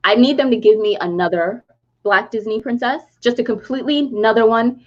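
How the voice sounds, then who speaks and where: A woman co-hosting a book club livestream, telling stories in a lively, laughing way. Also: on the high side, fairly quick. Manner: animated storyteller, laughs while telling. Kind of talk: casual livestream chat. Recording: dull lo-fi stream audio.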